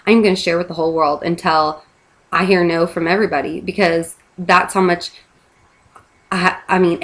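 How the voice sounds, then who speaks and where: A woman's voice: fairly low pitch, a bit bright. A woman in her thirties, a mother, earnestly talking about a product she believes in, with many fillers and restarts. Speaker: product promoter. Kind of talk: casual testimonial monologue.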